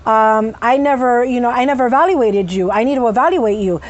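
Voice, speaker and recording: A woman's voice: sits high, fairly quick, lo-fi sound, lightly acted. A woman putting on the voice of an impatient female psychiatrist who scolds and talks over people. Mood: irritated.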